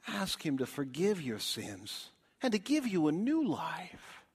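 A male preacher giving a dramatic evangelistic sermon in a church, swinging from loud appeals to hushed whispers. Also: a little high, huge pitch swings, a little slow, husky.

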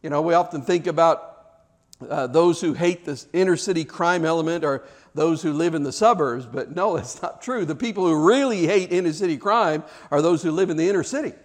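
A man preaching a sermon, telling the story dramatically, swinging from loud shouts to hushed, almost whispered lines. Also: a little high, fairly quick.

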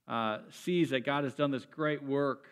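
A man preaching a sermon, animated and emphatic, often repeating words as he builds up. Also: mid-range voice, unhurried, clean tone. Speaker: pastor.

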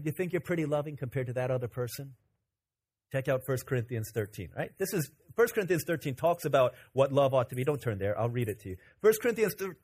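A man preaching a sermon as pastor, telling stories in an animated, joking way. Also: on the high side, slightly rough.

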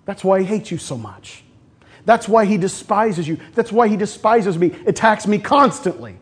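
A man preaching a sermon as pastor, emphatic, swinging from loud declarations to hushed asides and calling on the congregation to respond. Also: sits high, animated, moderate pace, breathy edge.

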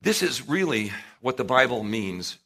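Animated preaching man, bright and lively. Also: mid-range voice, measured pace. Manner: animated storytelling, acting out quotes with big swings in loudness. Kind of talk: sermon.

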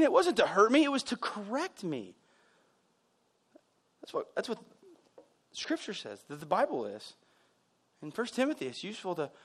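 A pastor delivers a sermon in a high voice. He keeps it conversational and animated, drifting into stories and quick asides to the congregation.

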